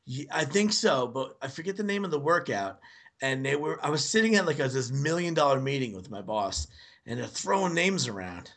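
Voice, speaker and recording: A man's voice: medium pitch, lively intonation, brisk, gravelly, a bit bright. A man chatting as a podcast guest, telling long stories with lots of swearing. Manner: profane, rambling storyteller. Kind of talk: casual chat.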